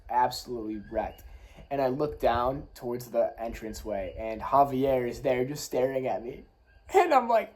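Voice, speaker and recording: A man's voice: medium pitch, darkish tone, rough recording. A man hosting a podcast, telling a personal story in a candid, rambling way with many fillers, his legs still shaking a little. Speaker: podcast host.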